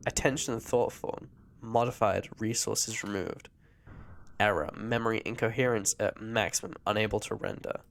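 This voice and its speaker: A cold machine voice, done by a man gives clipped, flat announcements, pitched low and quiet. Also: normal speed. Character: cold system voice announcing errors.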